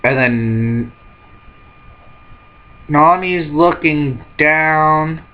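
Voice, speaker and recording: A man hosting a manga reaction video, excitable, laughing often and reading characters' lines aloud in quick put-on voices. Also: a little high, dull audio. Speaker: manga reaction channel host. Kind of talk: live manga chapter reaction.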